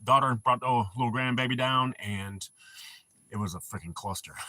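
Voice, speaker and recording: Bright-voiced laid-back middle-aged man. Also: mid-range voice, moderate pace, no echo. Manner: laid-back, swears freely, laughs often. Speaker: livestream host. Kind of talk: casual live-stream chat.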